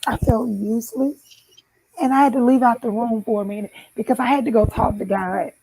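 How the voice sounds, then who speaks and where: A woman gives an emotional personal testimony in a warm, mellow voice pitched slightly high. She moves from tender reassurance to urgent pleading and draws her listeners in directly. The sound is dry and close, with no room echo. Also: steady tone, brisk, slightly rough. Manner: heartfelt, tender, rising to pleading intensity; addresses listeners with "y'all". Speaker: guest sharing a personal testimony.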